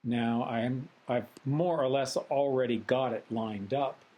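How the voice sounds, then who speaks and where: A man teaching a recorded software tutorial lecture, methodical and explanatory with frequent ums. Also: mid-range voice, takes it slowly, low-quality recording. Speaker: instructor.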